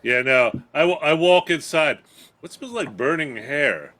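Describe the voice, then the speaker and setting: A man's voice: on the high side, expressive, unhurried, background noise. A man playing a tabletop game who makes dry jokes about his character's actions. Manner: dry joking. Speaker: player.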